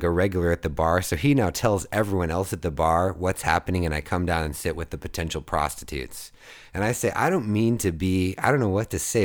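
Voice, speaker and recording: A man in his thirties with a somewhat low voice tells a loose, rambling story as a show host. He swears casually and often breaks into laughter at his own punchlines. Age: 30s. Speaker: podcast host.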